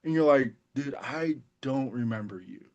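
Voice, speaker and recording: A man co-hosting a podcast, talking in a relaxed, conversational way with casual fillers. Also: medium pitch, normal speed, highs cut off. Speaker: podcast co-host. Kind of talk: casual chat.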